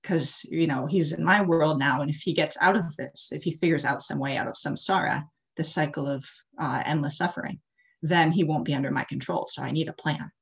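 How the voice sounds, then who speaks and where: A woman's voice: low voice, brisk, creaky. A woman playing Mara, a blustering comic demon. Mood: scheming. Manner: blustering, casual quoted speech. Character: comical buffoonish male demon tempter, scheming. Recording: dull lo-fi video call audio.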